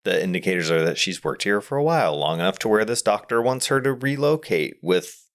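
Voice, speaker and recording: Man, podcast co-host, very deep voice, thoughtful, hesitant, restarts sentences. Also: lively intonation, a little fast. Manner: thoughtful, searching for words, frequent restarts. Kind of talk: casual movie discussion.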